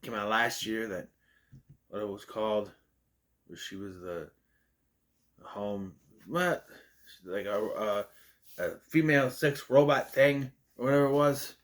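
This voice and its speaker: A young man reviews a movie casually and ramblingly, often correcting himself mid-sentence and staying animated. His voice sits on the low side, with a measured pace and long pauses.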